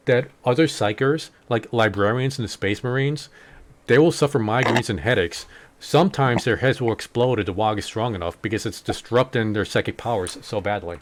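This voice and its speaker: A man streaming a game and chatting casually, wandering through long lore explanations with plenty of fillers. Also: medium pitch. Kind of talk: casual gaming chat.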